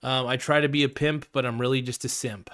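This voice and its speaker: A man's voice: mid-range voice, steady tone, fairly quick, a bit bright. Blunt, profane male podcast host. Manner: blunt, profane, self-interrupting. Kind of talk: casual ranting commentary.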